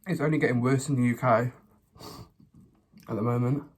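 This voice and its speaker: A man's voice: mid-range voice, steady tone, moderate pace, slightly rough. A man, a mukbang vlogger chatting casually and a little sassily while he eats, sometimes talking with his mouth full. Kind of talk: casual chat while eating.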